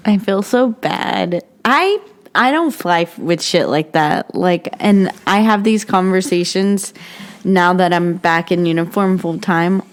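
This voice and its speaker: A woman's voice: fairly low pitch, unhurried. A woman hosting a podcast, reacting openly and frankly to her guest's story. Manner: frank, reacts with strong feeling. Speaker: podcast host. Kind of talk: casual chat.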